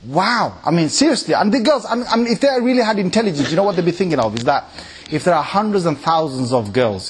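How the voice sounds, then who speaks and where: A man giving a lively religious lecture in an animated, mocking, conversational way. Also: fairly high pitch, slightly rough. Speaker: Islamic lecturer. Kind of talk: lively sermon-style lecture.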